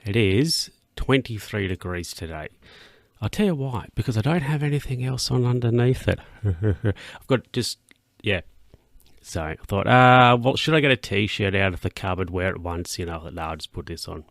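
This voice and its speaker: On a casual solo podcast, a young male host rambles, restarts sentences, chuckles between thoughts, and voices his own thoughts in a high put-on tone, yawning now and then. His low voice has a gravelly fry, a measured pace, and a fairly bright tone. The recording is dry and close.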